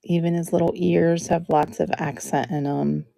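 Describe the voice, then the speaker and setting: A woman hosting a live jewelry auction stream, chatting in a relaxed way as she describes each piece, with many ums. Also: sits low, moderate pace, gravelly, no echo.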